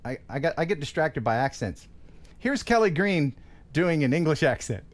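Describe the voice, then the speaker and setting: A man's voice: fairly high pitch, normal speed. A man hosting a live stream, joking around and reading chat messages. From USA. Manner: joking, animated. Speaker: host.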